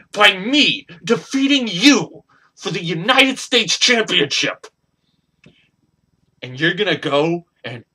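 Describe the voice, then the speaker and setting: A man cutting an angry, ranting wrestling promo as a hobby performer, swinging between loud bursts and quiet mutters. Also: sits high, sing-song, slow pace, husky.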